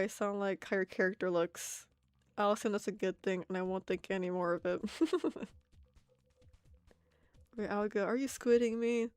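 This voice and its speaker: A young woman rambles casually while she draws, laughing at herself and answering chat. Her voice sits in a middle range, close to the mic in a dry space. Soft music plays faintly underneath. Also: medium pitch, clear, resonant tone, dry recording. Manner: giggly, self-mocking, reads chat aloud. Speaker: art streamer. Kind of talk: casual stream chatter while drawing.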